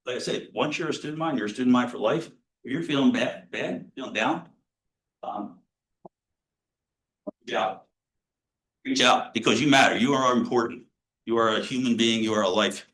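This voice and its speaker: A middle-aged American man, a positive psychology professor, giving an earnest motivational lecture to students, blunt and casual, sometimes swearing, dropping from loud to hushed. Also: mid-range voice, fairly quick, long pauses, poor audio.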